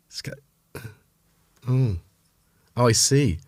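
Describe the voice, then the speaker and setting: A man's voice: mid-range voice, slow, pauses often, darkish tone, no room sound. A man from North Wales with a North Welsh accent, hosting a casual livestream and chatting in a rambling way while reading out viewers' names. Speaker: host.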